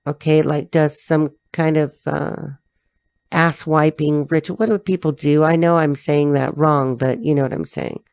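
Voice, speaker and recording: A woman's voice: sits low, fairly even intonation, normal speed, gravelly, darkish tone, no room sound. A woman from Southern California with a Southern Californian accent, giving a casual tarot reading in a blunt, profane, chatty way. She laughs often and acts out the characters in the cards. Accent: Southern Californian American. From Los Angeles, Southern California. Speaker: tarot reader.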